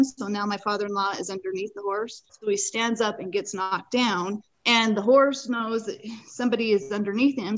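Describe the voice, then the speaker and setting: A woman appearing as a guest on a podcast tells about a personal experience with earnest, vivid detail during the conversation. Her voice is medium-pitched, and the audio quality is poor.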